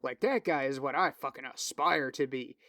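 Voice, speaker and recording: A man's voice: mid-range voice, moderate pace, pushed and bright, dry recording. Man, podcast host, casual monologue, swears freely, lots of ums, dry sound. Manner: loose, profane, filler-heavy rambling with restarts; enthusiastic recommending. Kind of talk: casual solo podcast chat.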